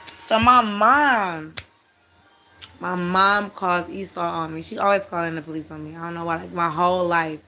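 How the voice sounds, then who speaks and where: A speaker telling a personal story in a casual, animated, blunt way with frequent swearing. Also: mid-range voice, moderate pace, a little hiss or hum.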